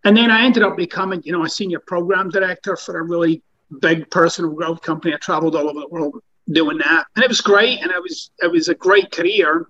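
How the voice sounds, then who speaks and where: A man with a Scottish accent softened by years in the States, an author and coach giving candid, wry interview answers. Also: fairly high pitch, fast, dull audio. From Scotland. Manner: relaxed, candid, wry storyteller. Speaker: author and coach, podcast guest.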